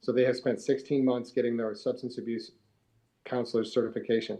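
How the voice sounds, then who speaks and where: Man, guest speaker, mellow dark tone, earnest, storytelling. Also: mid-range voice, little pitch movement, brisk, poor audio. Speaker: guest speaker, prison recovery mentor. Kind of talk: live talk show interview.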